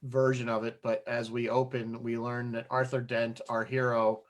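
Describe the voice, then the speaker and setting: Man, podcast co-host, loose rambling storyteller, quick to laugh. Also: mid-range voice, little pitch movement. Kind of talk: casual chat.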